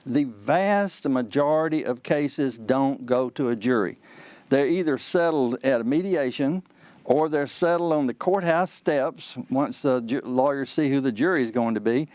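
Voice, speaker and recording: Folksy lawyer, dry close sound. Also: male voice, medium pitch, unhurried, no echo. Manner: folksy, animated, acts out courtroom exchanges. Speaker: trial lawyer. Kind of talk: explaining on a call-in advice show.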